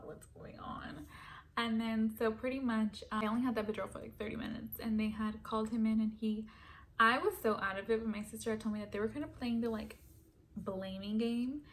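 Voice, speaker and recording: Animated woman telling her story. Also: fairly high pitch, a little hiss or hum. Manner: animated, drops to whispers when quoting herself. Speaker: vlogger. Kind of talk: casual storytelling.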